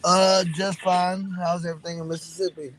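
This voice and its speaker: A man's voice: high voice, flat delivery, moderate pace, a bit bright, a little hiss or hum, rough recording. A man calling in from his car, talking with energy and bravado. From Georgia. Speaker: caller. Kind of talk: casual chat.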